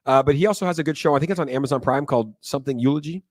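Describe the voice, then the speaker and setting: A young man chats quickly and jokingly on his crypto livestream, reading viewer comments as they come in. His voice sits at an ordinary middle pitch, and the sound is close and dry, with no room around it. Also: no echo. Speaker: crypto show host. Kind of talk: casual livestream chat.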